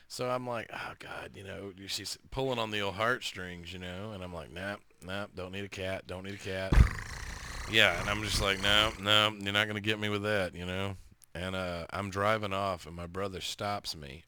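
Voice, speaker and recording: A man, co-hosting a podcast, telling animated stories, laughing and swearing. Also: deep voice, no echo. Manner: laughing, profane, animated storyteller. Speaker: podcast co-host. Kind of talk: casual chat.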